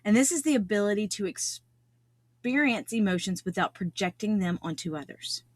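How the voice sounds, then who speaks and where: Woman, middle-aged, podcast host, earnest, repeats key lines, medium pitch, dry close sound. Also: animated, normal speed, no echo. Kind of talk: solo podcast talk on self-improvement.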